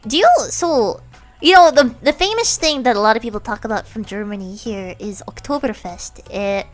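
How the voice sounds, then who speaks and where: A woman's voice: a little high, animated, normal speed, faint music behind. A woman streamer from the United States chatting casually, rambling with lots of fillers and frequent giggles. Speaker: streamer host. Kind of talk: casual chat.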